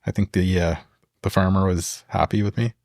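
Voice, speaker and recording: A man's voice: low voice, little pitch movement, normal speed, vocal fry, darkish tone, no echo, clean studio sound. A Canadian man co-hosting a podcast who chats in an easygoing way and often murmurs agreement. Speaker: podcast co-host. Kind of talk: casual chat. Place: local museum.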